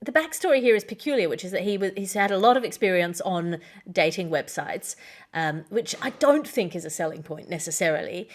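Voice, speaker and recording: A woman's voice: lowish voice, expressive, a little fast. A woman hosting a comedy news podcast, introducing stories drily and passing them to her guests. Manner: dry, wry delivery, handing over to guests. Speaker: podcast host.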